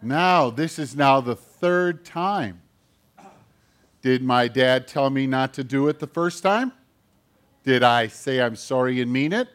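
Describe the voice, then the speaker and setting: Playful pastor man, slow, questioning. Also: medium pitch, animated. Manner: playful, asks children questions. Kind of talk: children's sermon.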